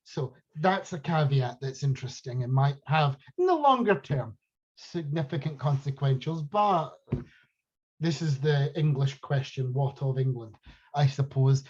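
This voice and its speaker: A man with a husky voice gives political commentary as a podcast host. His delivery is emphatic and argumentative, and he waves off opposing claims dismissively. The recording is dull and lo-fi. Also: a little high, a little mellow.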